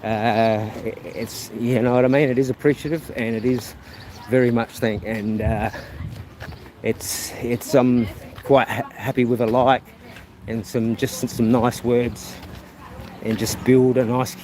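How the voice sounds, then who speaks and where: This Kiwi live streamer has a mid-pitched voice, fairly even intonation, and a slightly slow pace. Walking a rural path, he rambles in a friendly way and reads out viewer comments, his phone picking up loud ambient noise from animals and passing vehicles.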